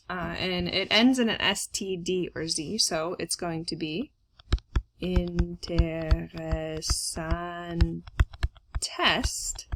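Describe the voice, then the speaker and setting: A woman's voice: mid-range voice, noisy background. A woman teaching German grammar in a recorded lesson, explaining step by step with frequent fillers.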